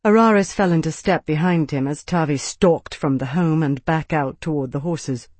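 A man narrating an audiobook in a measured, even storytelling voice. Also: fairly high pitch, no echo. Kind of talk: scripted narration.

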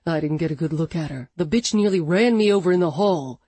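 Give me a woman doing a heated, cursing man, dark and husky. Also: low voice, expressive, a little fast, dry recording. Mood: angry. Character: furious protective adult man.

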